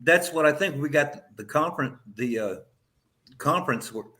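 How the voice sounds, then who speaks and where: A man's voice: a little high, animated, normal speed, sharp tone. A man co-hosting a sports talk show, musing in a laid-back, hedging way.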